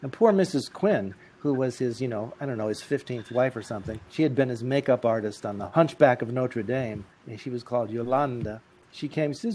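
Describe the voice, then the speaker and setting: A man telling lively, comic anecdotes as an interview guest. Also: mid-range voice, a little fast, hardly any pauses. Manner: lively, animated, comic timing. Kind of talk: anecdotal storytelling.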